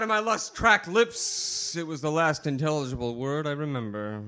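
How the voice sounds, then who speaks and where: A man with a high, very bright and cutting voice performs a slam poem on a live bar stage. He is theatrical, lurching from shouted bursts down to near whispers. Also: moderate pace, hardly any pauses, clear, resonant tone. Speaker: slam poet.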